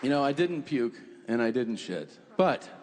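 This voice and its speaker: A man's voice: mid-range voice, big pitch swings, normal speed, a little mellow, slight background noise. A man doing stand-up comedy, telling crude, profane stories in a conversational way and acting out what people said. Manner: crude, profane, conversational storyteller who acts out quotes. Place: comedy venue stage before a live audience. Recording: reverberant hall with crowd ambience.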